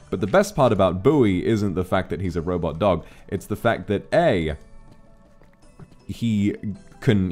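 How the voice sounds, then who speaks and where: A man chatting casually on a livestream, relaxed and a little drowsy, telling stories and thanking viewers. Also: deep voice. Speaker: streamer. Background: faint music.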